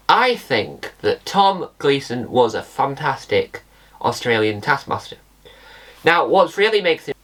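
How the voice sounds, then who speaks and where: A man's voice: mid-range voice, fairly bright tone. A British man hosting his own channel with casual solo commentary, rambling and correcting himself, spelling words out. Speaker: channel host.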